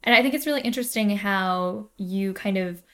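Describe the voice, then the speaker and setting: A woman's voice: mid-range voice, a little fast. A woman hosting a casual podcast interview, listening closely and answering with short replies. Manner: attentive listener with short backchannels. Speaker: podcast host.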